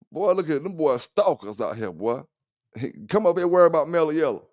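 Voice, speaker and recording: A man's voice: on the high side, darkish tone, no room sound, clean studio sound. Laughing, foul-mouthed livestream host man. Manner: loose, profane trash talk with frequent laughter. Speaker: livestream host of a dog talk show. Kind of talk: casual livestream chat.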